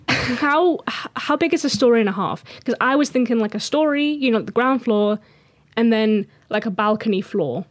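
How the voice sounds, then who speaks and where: A woman co-hosting a casual podcast, playful and quick to mock outrage as she tells a story. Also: fairly high pitch, dry recording. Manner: playful, indignant, giggly. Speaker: podcast co-host. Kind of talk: casual chat, reading a story.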